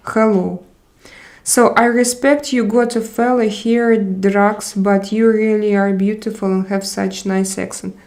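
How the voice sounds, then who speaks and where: Slow, hesitant woman streamer. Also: medium pitch, level tone, darkish tone. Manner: hesitant, searching for words with many pauses. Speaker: livestream host. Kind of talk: casual livestream chat, reading comments aloud.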